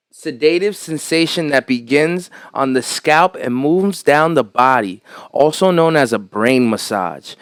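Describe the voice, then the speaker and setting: A man hosting a casual podcast, animated and freely profane as he tells stories. His voice sits a bit high and sounds dry and close. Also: clear, resonant tone, no room sound. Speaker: podcast host. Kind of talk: casual chat.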